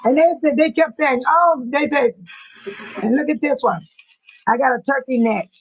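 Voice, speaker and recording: A woman with a high voice chats to her livestream viewers. She repeats herself and breaks into laughter again and again as she talks. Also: normal speed, poor audio. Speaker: livestream host. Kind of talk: casual chat to viewers.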